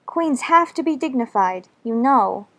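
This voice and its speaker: A woman's voice: high voice, expressive, a little slow, exaggerated voice. A woman voicing Alice, a prim, earnest young girl who likes to argue, in a full-cast audiobook. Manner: earnest, argumentative, slightly prim.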